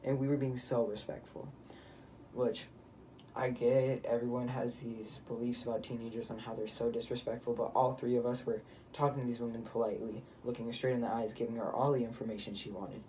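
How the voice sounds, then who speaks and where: A man's voice: medium pitch, level tone, fairly quick, mellow, recorded from a distance, slight background noise. A teenage boy casually telling a story to camera, rambling, with many fillers and restarts. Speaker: vlogger.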